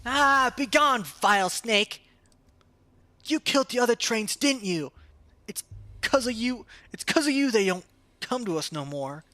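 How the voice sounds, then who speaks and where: A man voicing a brash young village boy in a game, speaking with shrill, indignant, childish certainty. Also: expressive, unhurried, sharp tone, no room sound, heavily acted. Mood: accusing.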